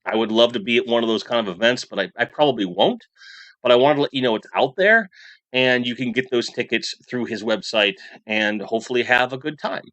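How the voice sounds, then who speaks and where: A man's voice: medium pitch, fairly quick, a bit bright, dry recording. A man hosting a casual toy news livestream, chatting loosely and reading out viewer messages with frequent restarts. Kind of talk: casual livestream chat reading super chats.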